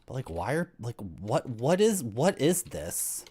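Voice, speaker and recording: Male streamer, lively pitch, casual rants, reads game text aloud. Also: measured pace, slightly rough. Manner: ranting, lively. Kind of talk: gameplay commentary and reading game text aloud.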